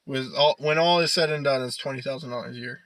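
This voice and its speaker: A man's voice: medium pitch, fast, fairly bright tone, no room sound, poor audio. A young man co-hosting a podcast in casual chat, rambling, swearing and laughing often. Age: young adult. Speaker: podcast co-host.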